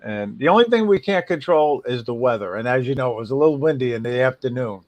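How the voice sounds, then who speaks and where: A man's voice: medium pitch, expressive, fast, no room sound. A man hosting a casual livestream and greeting viewers by name. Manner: reads out viewer names and greets them one by one. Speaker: livestream host.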